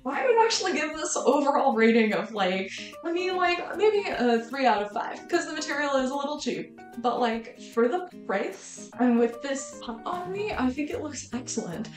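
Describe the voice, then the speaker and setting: A woman's voice: high voice, animated, moderate pace, soft background music. A woman vlogger chatting casually through a try-on haul, rambling and filling her talk with "like" and "um". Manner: rambling, filler-heavy, uses "like" and "um" a lot.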